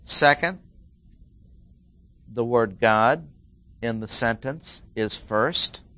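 Slow, deliberate male Bible teacher. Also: mid-range voice, pushed and bright, no room sound. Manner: deliberate, repeats key phrases with emphasis. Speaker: preacher.

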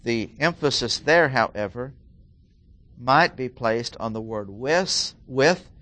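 A middle-aged man teaching through a Bible passage, deliberately repeating key phrases and stressing single words. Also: mid-range voice, lively intonation, pushed and bright. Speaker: preacher.

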